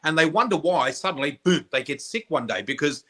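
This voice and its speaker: A man in his sixties, chatting as a guest and telling stories in an animated way, repeating phrases for emphasis. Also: on the high side, a little fast, slightly rough. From Australia. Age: 60s. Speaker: guest psychic. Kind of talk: casual conversational storytelling.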